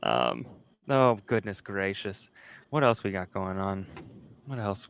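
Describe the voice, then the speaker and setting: A man's voice: lowish voice, lively intonation, a little slow, sharp tone, clean tone, dry recording. A man co-hosting a casual livestream, joking and chuckling as he greets chat. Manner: jokey, self-deprecating, chuckles often. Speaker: livestream co-host.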